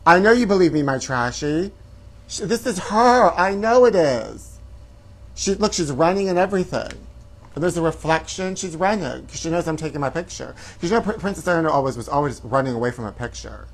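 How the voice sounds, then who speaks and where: A man's voice: a little high, lively intonation, quick pace. Campy gossip host, flamboyant man. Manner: flamboyant, calls viewers honey. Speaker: comedy show host.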